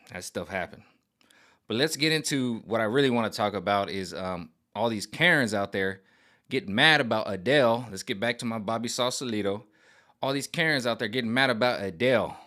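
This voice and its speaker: A man ranting comedically to camera, rambling and animated, jumping in and out of voices. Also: lowish voice, normal speed. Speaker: vlogger. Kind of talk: comedic rant.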